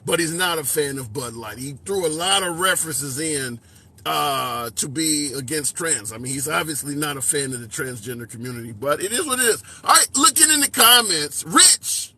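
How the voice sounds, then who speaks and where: Bright high-voiced male host, dry sound. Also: animated, normal speed. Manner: pushes back hard, then reads comments and asks for likes. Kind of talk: live call-in debate show.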